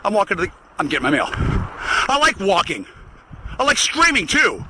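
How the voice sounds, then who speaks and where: A man delivering an angry, profanity-laden rant while walking outdoors, often breaking into shouts. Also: sits high, wildly swooping pitch, moderate pace, a little hiss or hum, poor audio. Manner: shouting, furious, swearing constantly. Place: outdoors, walking to get the mail.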